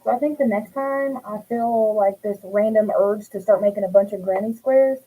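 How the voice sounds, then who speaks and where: A woman's voice: mid-range voice, moderate pace, dark tone, slightly rough. A middle-aged woman chatting casually while she crochets at home, reading viewers' comments aloud and answering them by name. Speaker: crochet livestream host. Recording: tinny phone-like audio with faint hiss.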